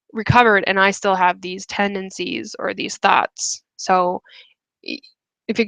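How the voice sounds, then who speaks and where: A woman's voice: mid-range voice, vocal fry, fairly bright tone, dry recording, poor audio. A young woman hosting a webinar, talking casually to viewers and filling her speech with "like" and "um". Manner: chatty, many fillers like "like". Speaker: webinar host. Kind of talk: casual coaching talk.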